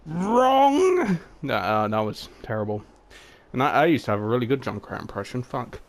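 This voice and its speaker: A man's voice: on the low side, steady tone, fast. A young man reading his own comedic fan fiction aloud, with crude, swearing, self-mocking asides. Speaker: fan-fiction writer and reader.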